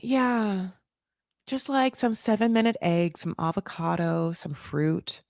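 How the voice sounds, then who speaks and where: A woman's voice: medium pitch, lively intonation, slow, gravelly, a little mellow, no echo, clean studio sound. A woman hosting a casual reality-show recap, gossipy and sarcastic, swearing and filling her talk with "like".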